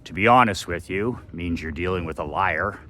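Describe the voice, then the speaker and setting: A man's voice: sits low, moderate pace, pushed and bright, a little hiss or hum. A man giving a blunt, profane motivational monologue as a business coach, repeating phrases for emphasis.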